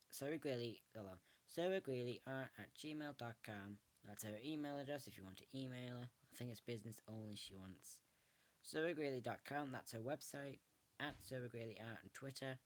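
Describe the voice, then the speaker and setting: A man's voice: medium pitch, normal speed. A man, casually showing a book on camera and rambling through it with frequent restarts. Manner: rambling, restarts often, self-correcting. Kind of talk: casual show-and-tell.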